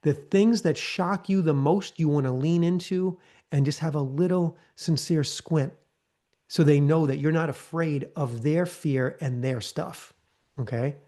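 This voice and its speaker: Mellow-voiced male trainer coaching a group. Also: on the high side, unhurried. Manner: coaching, conversational, frequent "okay?" and "right?". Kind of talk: live online training talk. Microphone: video call.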